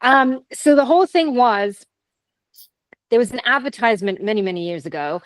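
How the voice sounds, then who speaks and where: A woman's voice: on the high side, animated, moderate pace, dry recording. A woman, co-hosting a podcast in casual chat, playful and rambling as she explains things. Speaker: podcast co-host.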